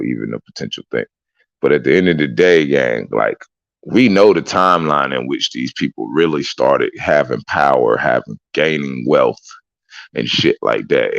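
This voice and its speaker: A man chatting casually as a streamer, excitable and profane with loud whoops. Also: a bass voice, vocal fry, dry recording, muffled recording. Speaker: streamer reacting to clips. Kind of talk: casual reaction chat.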